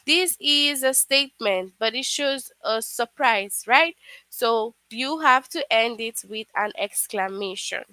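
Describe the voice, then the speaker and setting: A woman's voice: fairly high pitch, takes it slowly, bright, forceful tone, no echo, low-quality recording. A woman teaching a live online English lesson to children, explaining patiently step by step with frequent "okay"s.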